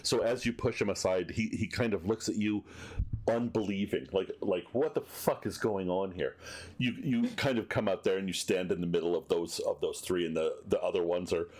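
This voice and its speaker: Deep-voiced man running a tabletop game. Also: fairly even intonation, a little fast, a little mellow. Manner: laughing, loose narration with many fillers. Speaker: game master.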